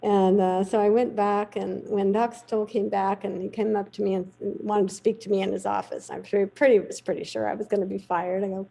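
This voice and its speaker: A middle-aged woman, a veterinarian, telling a lively anecdote in a podcast interview. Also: medium pitch, brisk, vocal fry, few pauses, low-quality recording. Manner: lively anecdotal storytelling, acts out quoted voices. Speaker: veterinarian guest.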